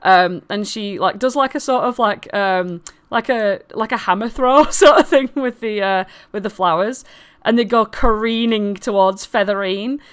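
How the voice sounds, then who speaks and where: A woman running a tabletop game, narrating scenes in a lively, giggly way. Her voice sits in the middle range, and she fills the gaps with lots of "um"s and "like"s. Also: mid-range voice, moderate pace, clear, resonant tone. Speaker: game master.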